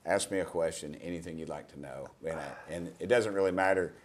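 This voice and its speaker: A man's voice: sits low, quick pace. A middle-aged man with a Southern US accent hosting a casual interview podcast, folksy and joking as he wanders through stories. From Tennessee. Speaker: podcast host, congressman.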